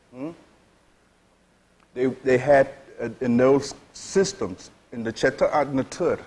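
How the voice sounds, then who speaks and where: A man with a medium-pitched, slightly mellow voice delivers a sermon to people sitting before him. As a spiritual teacher, he talks plainly in vernacular terms, repeatedly checking in with "you see?".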